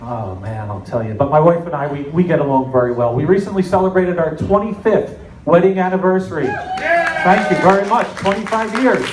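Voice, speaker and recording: A middle-aged man from New Jersey doing a stand-up comedy set with deadpan, self-mocking storytelling. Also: fairly high pitch, brisk, distant mic, over a noisy crowd. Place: comedy club stage. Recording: echoey club with audience noise. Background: audience laughter.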